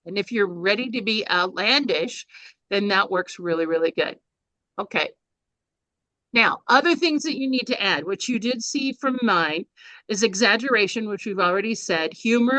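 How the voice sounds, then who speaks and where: A woman's voice: medium pitch, pushed and bright, dry recording. An older woman presenting a speaking workshop, talking in an informal, chatty way with fillers and restarts. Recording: dry, slightly dull recording.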